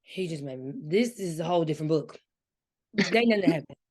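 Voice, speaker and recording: A woman in casual chat, recapping a book's plot quickly and emphatically. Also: deep voice, lively intonation, darkish tone, breathy edge. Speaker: book-swap co-host. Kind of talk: casual book discussion.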